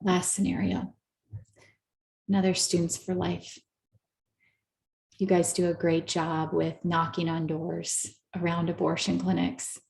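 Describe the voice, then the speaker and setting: A woman therapist giving an earnest, coaching talk to a live audience, slowing down to stress her points. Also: lowish voice, gravelly, a little mellow, echoey room. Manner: earnest, coaching, slows down for emphasis. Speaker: therapist and speaker.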